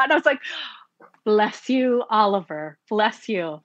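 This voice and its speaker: A woman's voice: on the high side, normal speed, no room sound, lo-fi sound. Chatty woman, dry close sound. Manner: animated, acts out her own quotes, laughs often. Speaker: audiobook narrator. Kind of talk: conversational interview.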